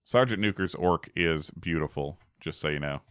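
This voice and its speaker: A man's voice: a bass voice, normal speed, fairly bright tone, clean tone, dry recording. A man giving casual gameplay commentary as a streamer, chatty, laughing often and talking back to his chat.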